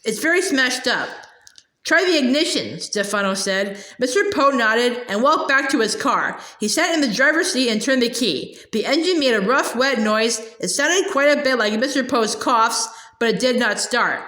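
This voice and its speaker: A woman narrating a children's novel aloud with steady, expressive reading. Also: a little high, moderate pace, few pauses, echoey room.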